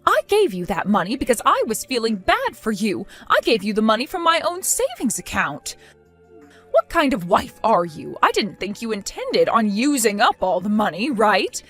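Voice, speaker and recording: A woman's voice: a little high, big pitch swings, normal speed, fairly bright tone, faint music behind. A woman voicing a harsh, accusing middle-aged mother-in-law in a text-story drama, cutting and contemptuous. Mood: scolding.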